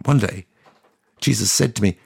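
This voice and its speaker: A man's voice: on the low side, normal speed, vocal fry, darkish tone, slightly rough, dry recording, studio quality, full character voice. A man plays God as a sardonic, chatty ancient deity, telling the story in a scripted comic monologue. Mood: wry.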